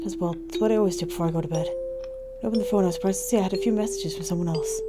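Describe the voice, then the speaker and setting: A woman hosting a gaming channel, reading the narration of a visual novel aloud in a calm, soft storytelling way. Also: on the low side, racing, loud music behind the voice.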